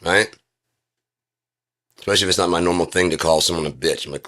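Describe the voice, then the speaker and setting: Man, very low voice, bright and forceful tone, cursing rambling monologue, vlog. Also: a little fast, pauses often. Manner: profane, ranting, lecturing. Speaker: vlogger. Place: indoor room with a heater.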